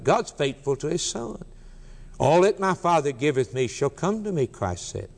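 A man's voice: fairly high pitch, darkish tone. A man preaching a sermon with emphatic, repetitive cadence, building phrase upon phrase. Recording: long hall reverb.

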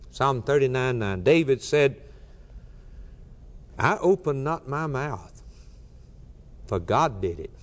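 A man preaching a sermon with fervor, swinging between soft, low passages and emphatic peaks. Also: big-room sound.

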